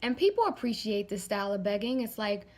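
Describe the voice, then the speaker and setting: A woman's voice: mid-range voice, very animated, a little fast. Chatty woman telling a story to camera. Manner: conversational, often checks in with the viewer. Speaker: vlogger retelling a spiritual story. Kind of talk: casual storytelling vlog.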